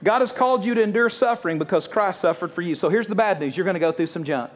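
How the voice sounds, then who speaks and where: Male pastor, quick-fire conversational sermon, high, bright voice, jokey asides. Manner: fast, conversational preaching with quick jokes and acted-out quotes.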